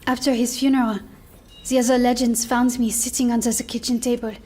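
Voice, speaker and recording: An actress playing an earnest, gentle young woman. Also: on the high side, flat delivery, a little fast, natural voice. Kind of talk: game cinematic voice acting.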